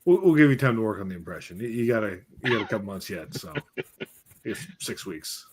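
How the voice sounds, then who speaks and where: A man co-hosting a casual livestream chips in with short, dry, wry remarks. His voice sits somewhat low. Steady background noise and clicks run under his lines. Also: a little fast. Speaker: co-host.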